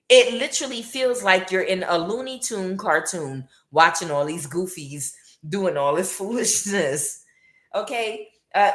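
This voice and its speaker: A woman's voice: fairly low pitch, a bit bright, reverberant. A woman giving a casual tarot reading, mocking and scolding, with many filler uhs. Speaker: tarot reader.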